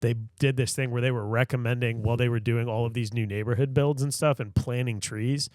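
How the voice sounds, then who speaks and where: A man's voice: medium pitch, fairly even intonation, fairly quick, a little mellow, dry recording. A man co-hosting a comedy podcast, rambling through long casual stories. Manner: rambling, tells stories in long run-on sentences. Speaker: podcast co-host. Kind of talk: casual chat.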